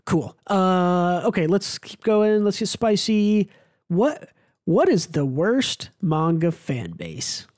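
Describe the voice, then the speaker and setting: An American man co-hosting a podcast, chatting casually with animated, swearing asides. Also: sits high, slow pace, no room sound, clean studio sound. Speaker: podcast co-host. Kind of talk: casual chat.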